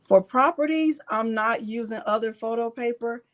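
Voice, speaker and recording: A woman's voice: a little high, normal speed, fairly bright tone. Woman host of a live craft stream: casual, chatty, talks through each step, answers chat. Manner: chatty, narrates her clicks aloud and answers live chat; talks to herself under her breath at times.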